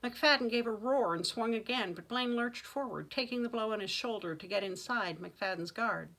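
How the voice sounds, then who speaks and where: A woman author reading her own fantasy novel aloud with dramatic, expressive narration. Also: a little high, normal speed, rough recording. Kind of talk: audiobook-style fantasy reading.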